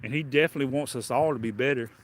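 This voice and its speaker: A man's voice: medium pitch, very fast, a little hiss or hum. Folksy Southern man preaching. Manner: folksy, colloquial, repeats and restarts. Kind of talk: livestreamed sermon.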